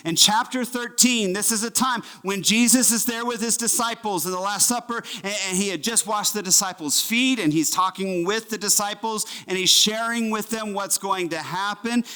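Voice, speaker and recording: A man preaching a sermon as pastor, telling a Bible story in an animated way and acting out the voices of its figures. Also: high voice, smooth. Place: church.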